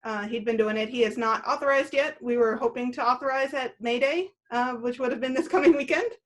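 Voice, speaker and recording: Woman in her thirties, interview guest, easygoing, voice a bit high, hesitates often. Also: brisk. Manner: easygoing, with frequent "uh" and "um". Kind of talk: casual interview.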